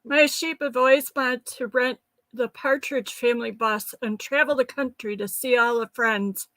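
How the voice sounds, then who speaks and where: A woman joins a live sale with brief, playful remarks. Her voice sits a little high. The recording is dry and close. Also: steady tone, normal speed, a bit bright, no echo. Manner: short, playful replies. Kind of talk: casual chat.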